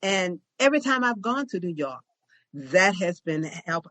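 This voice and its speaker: An older woman, a podcast co-host, chatting casually and telling a long, lively story. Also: on the low side, moderate pace, dry recording. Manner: chatty storyteller who acts out other people's lines. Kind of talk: casual chat.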